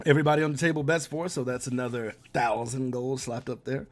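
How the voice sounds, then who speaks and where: A man narrating a tabletop game as game master, casual and laughing, with many fillers. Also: medium pitch.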